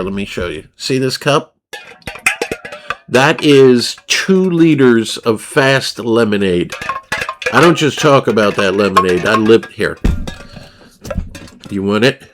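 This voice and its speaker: Slow-talking crude male streamer. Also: medium pitch. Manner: profane, rambling, laughs at himself. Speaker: livestreamer. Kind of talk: crude casual stream chatter.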